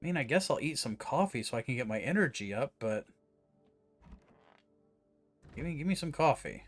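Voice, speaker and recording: Lively, rambling male game streamer. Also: mid-range voice, faint music behind. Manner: casual, rambling, with fillers and quick laughs. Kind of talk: live gameplay commentary.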